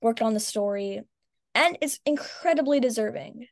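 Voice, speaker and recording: A woman's voice: on the high side, expressive, moderate pace, vocal fry. A woman hosting an interview, speaking casually and with enthusiasm. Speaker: interview host.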